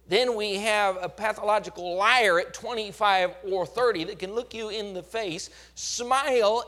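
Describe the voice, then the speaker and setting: A man preaching a sermon, telling stories dramatically and swinging between loud outbursts and hushed passages. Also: high voice.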